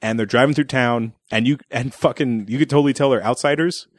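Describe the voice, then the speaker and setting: A man's voice: mid-range voice, brisk, no room sound. Profane, laughing podcast co-host man. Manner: profane, laughing, acts out characters in silly voices. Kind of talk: casual movie recap chat.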